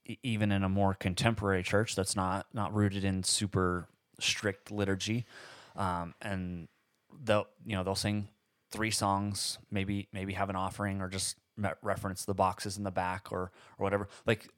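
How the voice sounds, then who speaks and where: A man co-hosting a casual discussion who explains points in a measured way, with frequent pauses and ums. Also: low-pitched, flat delivery, no room sound, studio quality.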